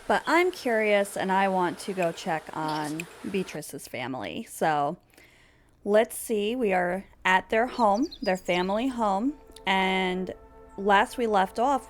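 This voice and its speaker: A woman's voice: mid-range voice, animated, takes it slowly, faint music behind. A young woman telling a life-sim game story in a chatty way, giggling and cutting herself off. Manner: chatty, giggly, self-interrupting. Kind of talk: casual narrated gameplay storytelling.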